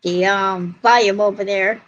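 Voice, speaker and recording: A tired woman hosting a casual livestream at home, talking slowly and greeting viewers in the chat. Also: mid-range voice, fairly even intonation, dull audio. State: yawning and tired. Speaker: livestream host.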